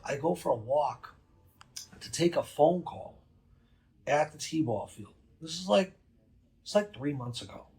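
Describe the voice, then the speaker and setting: A man, telling a story as a podcast guest in a profane, emphatic, rapid way. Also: on the high side, darkish tone. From New England. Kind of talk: casual storytelling.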